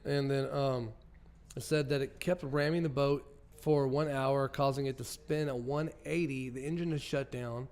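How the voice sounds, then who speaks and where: A man hosting a crude comedy podcast, telling stories loudly with lots of swearing and laughter. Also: medium pitch, steady tone, moderate pace. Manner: loud, profane storytelling, laughs often. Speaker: podcast host.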